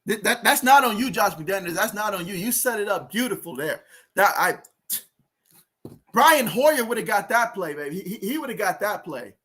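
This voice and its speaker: A man hosting a live sports watch-along, giving play-by-play, reacting loudly to plays and reading viewer comments aloud. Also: high voice, moderate pace, slightly rough. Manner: excitable fan, shouts and groans at plays. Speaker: livestream sports host.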